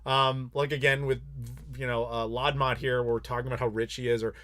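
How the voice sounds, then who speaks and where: A man's voice: medium pitch, a little fast. A male YouTuber hosting a casual live Q&A, talking bluntly and swearing freely as he tells stories. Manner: candid, blunt, swears freely, animated storytelling. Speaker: YouTuber host.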